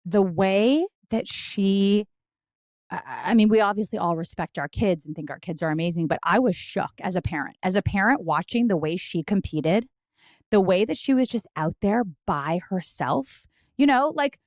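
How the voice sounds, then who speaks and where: Woman cohost chatting, animated storyteller, dry close sound. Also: mid-range voice, moderate pace, no echo. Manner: animated storytelling with restarts and swearing. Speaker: podcast co-host. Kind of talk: casual chat.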